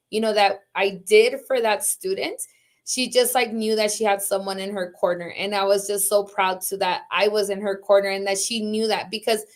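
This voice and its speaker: A woman in her thirties from Socorro, a high school teacher and department chair, talking casually on a video call with lots of fillers. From Socorro, Texas. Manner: chatty, many fillers like "like" and "um".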